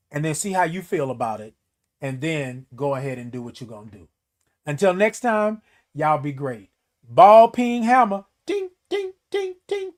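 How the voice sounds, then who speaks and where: A man hosting a casual livestream, reading viewer comments and talking to them directly in a folksy, animated way. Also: on the high side. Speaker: livestream host.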